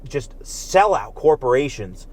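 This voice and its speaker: A man's voice: mid-range voice, big pitch swings, measured pace, a little mellow. A man delivering a heated, profane political rant as a commentator, emphatic and agitated throughout.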